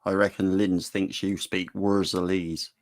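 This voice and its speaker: A man with a lowish voice chats in an easy, unhurried way. He teases dryly and keeps a relaxed, conversational tone throughout. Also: dry recording, clean studio sound. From not from Cornwall. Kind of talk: casual chat.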